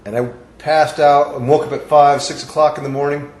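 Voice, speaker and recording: A man's voice: fairly high pitch, flat delivery, a little fast, darkish tone, echoey room. A man co-hosting a podcast, telling stories animatedly and acting out what people said. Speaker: podcast co-host. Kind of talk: casual chat.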